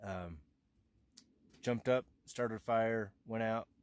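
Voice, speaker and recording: A man's voice: on the low side, slight background noise, poor audio. A man vlogging from his tent on a camping trip, groggy and rambling with lots of fillers. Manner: rambling, halting, many fillers. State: groggy just after waking. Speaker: motocamping vlogger. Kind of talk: casual camp vlog. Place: inside a hot tent with a wood stove.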